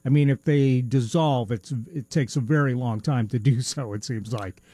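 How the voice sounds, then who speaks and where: A man's voice: mid-range voice, moderate pace, dark tone. A man co-hosting a podcast in casual chat, rambling and hesitant with lots of fillers and chuckles, with a slight lisp. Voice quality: slight lisp from a missing tooth. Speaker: podcast co-host.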